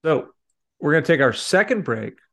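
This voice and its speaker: A man's voice: fairly high pitch, very animated, moderate pace, vocal fry, a bit bright. A man hosting a podcast, chatting casually about a movie with rambling, filler-heavy talk. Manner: rambling, lots of fillers and restarts. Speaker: podcast host.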